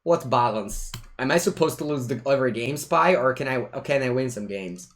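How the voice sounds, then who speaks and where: This man talks fairly quickly, his mid-range voice full of lively intonation, as he plays a digital card game. He keeps up casual, chatty and playful commentary, turning aside now and then to talk to his cat.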